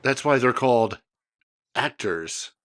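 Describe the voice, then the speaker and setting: A man's voice: mid-range voice, expressive, unhurried, a bit bright, dry recording. A man with an American accent, co-hosting a podcast in laid-back casual chat with dry humor. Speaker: podcast co-host.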